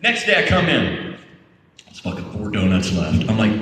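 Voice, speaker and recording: A man's voice: fairly low pitch, big pitch swings, normal speed, a bit bright. A man on a convention panel telling a rowdy, profane story and imitating other people's voices. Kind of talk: storytelling to an audience. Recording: far-off echoey hall with noise.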